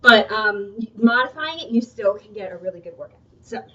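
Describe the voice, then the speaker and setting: A woman's voice: mid-range voice, animated, moderate pace, fairly bright tone. Chatty woman fitness instructor, distant sound. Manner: chatty, encouraging, breaks off with laughs. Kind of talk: workout instruction video. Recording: muffled, from away from the mic.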